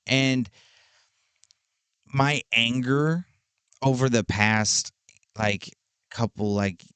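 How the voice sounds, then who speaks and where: Sassy guy in his 30s doing a solo podcast, takes his time, smooth clear voice, super dry close sound. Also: mid-range voice, fairly bright tone, no echo. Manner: slow, drawn-out and self-affirming, with sassy slang and swearing. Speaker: podcast host. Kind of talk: casual solo podcast monologue.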